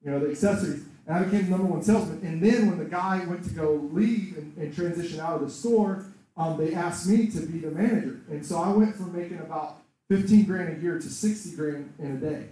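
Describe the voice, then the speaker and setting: A man preaching a sermon and telling his own testimony in an animated storytelling manner. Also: on the high side, brisk. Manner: animated storytelling, acts out voices in quotes. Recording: very echoey room, voice far from mic.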